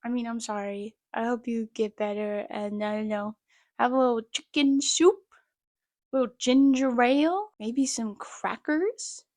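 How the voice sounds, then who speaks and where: A woman's voice: fairly high pitch, a little slow, a little mellow, no room sound. A woman giving joking, sarcastic commentary on an old game. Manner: sarcastic, jokey. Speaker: gaming video host.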